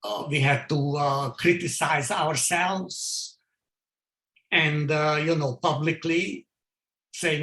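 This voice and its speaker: An older man from Hungary giving his survivor testimony, speaking haltingly with many fillers and restarts. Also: a little high, fairly bright tone. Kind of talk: testimony in a video call talk. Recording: roomy echo.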